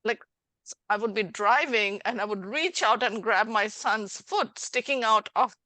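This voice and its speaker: A woman life coach hosting a conversational interview, animated and acting out little scenes as she explains. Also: on the high side, measured pace, no echo. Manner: animated, acts out little scenes with changing voices. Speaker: life coach and podcast host.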